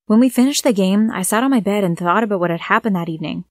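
A woman narrating a scripted first-person story with a plain, steady reading. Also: medium pitch, quick pace, few pauses, no echo.

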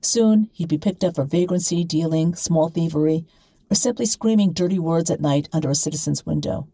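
A woman reading a short story aloud in a measured, wry way. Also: deep voice, mellow, dry recording, poor audio. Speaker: reader.

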